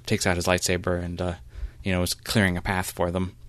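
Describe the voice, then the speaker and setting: A man narrating a role-play as game master, halting with many fillers. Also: low-pitched, monotone, a bit bright, no echo.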